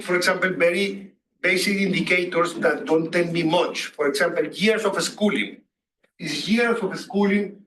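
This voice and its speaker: Male lecturer, high voice, repeats himself, roomy distant sound. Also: fairly bright tone. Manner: questions the students, repeats phrases. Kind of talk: classroom lecture. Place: classroom. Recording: echoey distant room recording.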